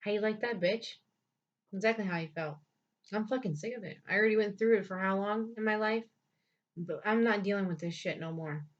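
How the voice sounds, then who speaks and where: A woman's voice: medium pitch, a little fast. A woman recounting her own life story in a blunt, profane, emphatic way. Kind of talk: personal storytelling. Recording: dull lo-fi recording.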